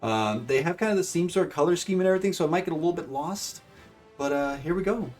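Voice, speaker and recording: Excitable man doing rambling play-by-play. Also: fairly high pitch, quick pace, far from the mic, faint music behind. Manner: excitable, rambling with many fillers, calls viewers folks. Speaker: streamer commentating AI fight bracket. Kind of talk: casual play-by-play commentary.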